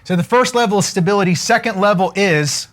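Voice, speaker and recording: During his wealth-coaching live stream, a high-pitched man talks fairly quickly. The tone is energetic and casual, jokey and preacher-like, as he keeps asking viewers to drop comments.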